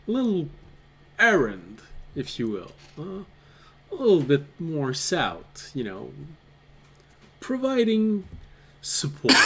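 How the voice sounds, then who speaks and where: A man voicing a courteous male dragonborn noble traveler, speaking slowly and genteelly with swooping pitch. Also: a bit bright, breathy edge, exaggerated voice. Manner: slow, measured, genteel delivery with sweeping pitch. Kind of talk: tabletop game role-play.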